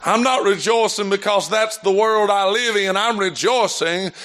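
A male pastor preaching a fervent sermon, building with rhetorical questions and rising shouts. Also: high voice, normal speed.

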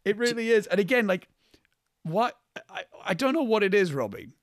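This podcast co-host has a high-sitting voice and talks at normal speed, recorded studio-quality with no room sound. Casual and lively, he jokes his way through film chat and breaks into impressions of lines from movies.

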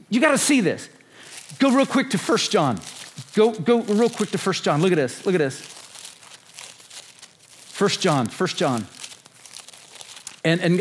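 A man in his sixties preaches with an emphatic, repetitive delivery and fires rhetorical questions at the crowd. His voice sits fairly high for a man. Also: breathy edge. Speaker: conference speaker. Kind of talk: sermon.

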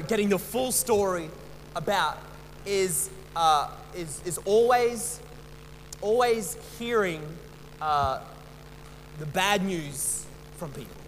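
High-voiced pastor, halting sermon. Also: male voice, fairly bright tone. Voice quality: halting, many restarts and repeated words. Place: church hall. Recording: long church reverb, faint hum.

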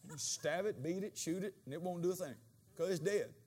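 A man preaching a sermon as pastor, swinging between quiet asides and loud, animated bursts, and acting out quoted dialogue in changed voices. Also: high voice, fairly quick.

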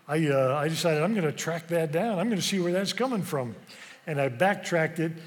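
Earnest storytelling man in a reverberant hall. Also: medium pitch. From West Africa. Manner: earnest, emotional, slow pauses with hesitations. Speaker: speaker. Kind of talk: personal storytelling speech. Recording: long reverb of a large hall.

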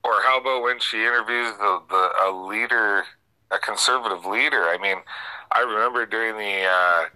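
A man hosting talk radio, speaking in a halting, opinionated way with many restarts. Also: fairly low pitch, bright, forceful tone, smooth, low-quality recording. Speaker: radio talk show host.

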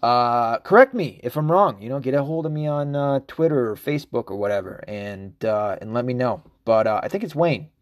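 A man's voice: medium pitch, animated, a little fast, hardly any pauses, no echo, clean studio sound. Rambling, profane male podcast host. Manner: rambling and profane, with frequent fillers and laughs. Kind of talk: casual solo podcast monologue.

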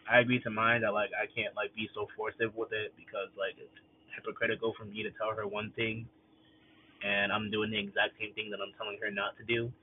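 A man's voice: lowish voice, flat delivery, brisk. Young man rambling over a tinny line. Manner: rambling, with many fillers. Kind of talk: casual monologue. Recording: tinny phone-like audio, faint noise.

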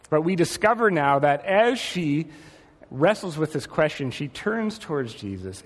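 A man preaching a gentle, reflective sermon, slowing and softening on key phrases. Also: on the high side, in a large hall. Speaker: pastor.

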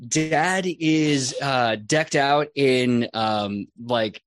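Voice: medium pitch, extremely slow. A game master narrating a tabletop game in a loose, rambling way with lots of fillers.

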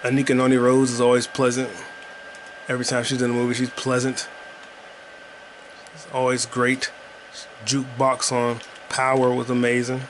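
A man's voice: medium pitch, monotone, moderate pace, pauses often, slight background noise. A man hosting a podcast, chatting casually and profanely while he plays a video game. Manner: rambling, profane, jokey. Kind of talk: casual gaming commentary.

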